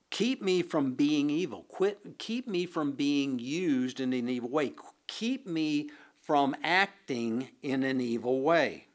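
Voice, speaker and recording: A man preaching a sermon, reading scripture and explaining it in a deliberate, unhurried way with occasional fillers. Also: mid-range voice. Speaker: pastor.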